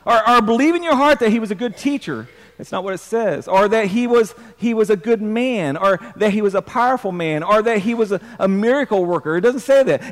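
A pastor delivers an emphatic sermon, often repeating words and calling on the congregation to answer back. His voice sits high for a man. The sound rings with the long reverb of a church hall. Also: expressive, moderate pace.

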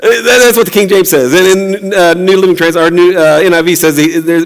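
A male pastor preaching in a loose, conversational way, repeating himself and breaking into little acted-out quotes. His voice sits high for a man. The sound carries a long reverb, as in a large hall. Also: steady tone, fairly quick, vocal fry. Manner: conversational, repeats and restarts words, acts out quotes. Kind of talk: sermon.

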